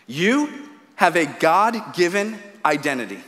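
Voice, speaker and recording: A man's voice: fairly high pitch, big pitch swings, measured pace, fairly bright tone. A man in his thirties, a pastor giving a sermon in a church auditorium, telling stories in a conversational way with frequent restarts. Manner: conversational storytelling with repeated restarts. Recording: long hall reverb.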